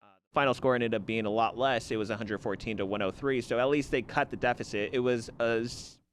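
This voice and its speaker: Guy cohosting a chill podcast, mid voice, gets animated telling stories, little bit of background hiss. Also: mid-range voice, fast talker. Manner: animated storyteller, laughs while retelling scenes. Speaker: podcast co-host. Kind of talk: casual sports and pop culture chat.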